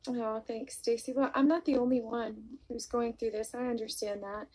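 A woman hosting a casual live stream on her vlog, greeting viewers by name and reading their comments aloud, speaking softly and apologetically about her mood disorder into a phone or webcam mic. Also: fairly high pitch, fairly even intonation, moderate pace, rough recording.

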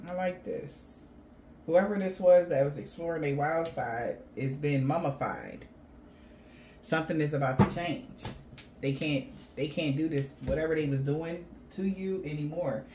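A woman's voice: deep voice, normal speed, mellow, slight background noise. A woman giving a casual spiritual reading, rambling and blunt, swearing freely. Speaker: tarot reader.

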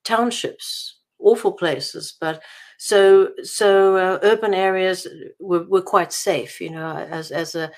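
A South African woman, interviewed as an author on a casual call, talks in a chatty way, often restarting and laughing as she tells anecdotes. Her fairly low voice keeps a fairly even intonation, and she takes her time.

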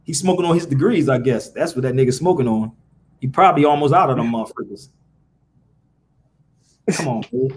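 A man's voice: mid-range voice, fairly quick, pauses often, darkish tone, a little hiss or hum. A man hosting a live podcast, ranting profanely and firing rhetorical questions at his viewers. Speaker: podcast host. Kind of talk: casual live-stream rant.

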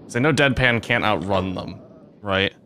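A young man giving gameplay commentary, swearing often and breaking into excitable outbursts. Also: lowish voice, moderate pace, a little hiss or hum. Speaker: let's play host.

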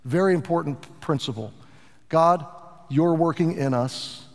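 A middle-aged pastor preaching a sermon in an earnest, animated way, with asides to his congregation. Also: fairly high pitch, a little slow, gravelly, long reverb tail.

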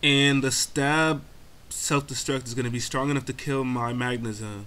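A young man runs casual play-by-play over a game, his bright, forceful voice full of profanity. He rants at his opponent and mocks himself in loose, exasperated asides. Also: mid-range voice, fairly even intonation, normal speed. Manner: exasperated, self-mocking asides. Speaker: gaming commentator.

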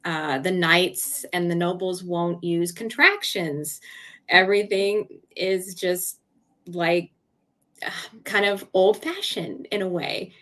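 A woman's voice: fairly low pitch, slow, a bit bright. A woman co-hosting a podcast, chatting casually and telling stories with animation, laughing often. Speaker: podcast co-host, author. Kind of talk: casual chat.

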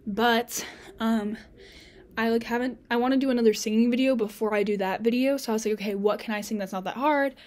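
Young female college vlogger, slightly high voice, out of breath, rambling casual chat in a dorm room. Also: fairly even intonation, fairly quick, darkish tone. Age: young adult. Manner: rambling, lots of filler "like" and "um".

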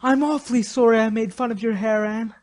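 A woman's voice: a little high, a little slow, lightly acted. A woman playing an earnest, pleading schoolboy. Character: cocky schoolboy, eager and apologetic. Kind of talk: audio drama acting.

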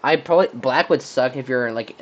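A man's voice: medium pitch, a little fast, lo-fi sound. A young man from Texas playing a would-you-rather game on his channel, thinking aloud and rambling with lots of fillers and restarts. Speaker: channel host. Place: room with a squeaky chair.

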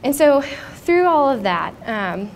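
On a conference stage, a woman in her thirties gives an earnest, reflective personal testimony. Her voice is high and sing-song at a measured pace, with slight background noise.

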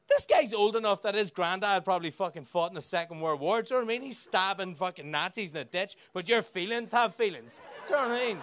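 An Irish man on a comedy club stage, firing off profane stand-up with a raised, high-pitched voice. He talks brashly and teases the audience, close on a handheld mic. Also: lively intonation, fairly bright tone. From Ireland. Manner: brash, profane, rapid banter with the crowd.

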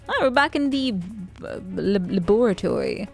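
A woman's voice: mid-range voice, big pitch swings, unhurried, gravelly, pauses often, soft background music. A woman streaming a stealth video game, chatting playfully with frequent giggles and stammered restarts. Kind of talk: live game commentary.

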